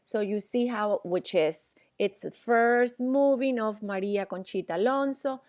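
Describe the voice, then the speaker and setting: Slow-paced, patient woman language teacher. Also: medium pitch, a little mellow, dry recording, clean studio sound. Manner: patient, checks in often with "okay?" and "all right?"; casual, slightly ungrammatical English. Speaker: Spanish teacher. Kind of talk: recorded classroom lesson.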